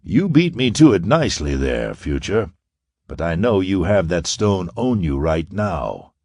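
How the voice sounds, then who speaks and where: In an audiobook, a man voices a smooth half-Martian villain who gloats with mocking, ironic, soft-spoken menace. His very low, drawn-out voice rises and falls richly, and the performance is very animated and fully in character. The recording is close and dry.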